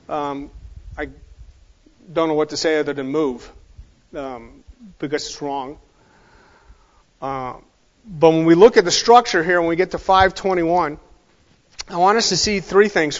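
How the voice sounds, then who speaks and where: A man's voice: sits high, a bit bright, highs cut off. A man giving an informal verse-by-verse Bible lesson, speaking conversationally and emphatically, drifting into asides and correcting himself as he goes. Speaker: Bible teacher.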